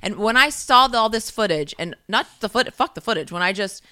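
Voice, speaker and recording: A woman's voice: medium pitch, lively intonation, a little fast, sharp tone. A woman in casual podcast chat, blunt and profane, often laughing.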